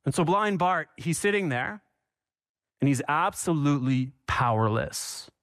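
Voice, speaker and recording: High-voiced preacher, dry close sound. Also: male voice, lively intonation, measured pace, a bit bright, dry recording. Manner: passionate, repeats for emphasis, asks the congregation questions. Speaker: pastor. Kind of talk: sermon.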